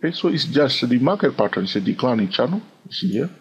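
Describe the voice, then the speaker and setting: A man's voice: mid-range voice, big pitch swings, fast talker, muffled recording, slight background noise. A man with a French accent teaching chart trading, repeating himself and often asking "yes or no?" to check on listeners. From France. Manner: repetitive, asks "yes or no?" often; says "blah, blah" to skip steps. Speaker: trading educator. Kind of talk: screen-share chart lesson.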